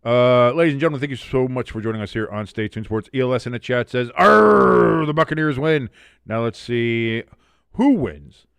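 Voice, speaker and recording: He's a watch-along stream host doing casual live play-by-play: joking, chatty, reading out chat messages, and wired on coffee. His mid-range voice has a clean tone, and he talks briskly with few pauses, with no room sound.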